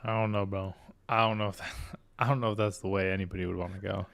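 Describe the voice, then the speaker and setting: A man with a lowish, smooth, resonant voice chats in a thoughtful, laid-back way on a podcast stream. He takes his time over serious points. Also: fairly even intonation, fast, fairly bright tone. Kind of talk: casual chat.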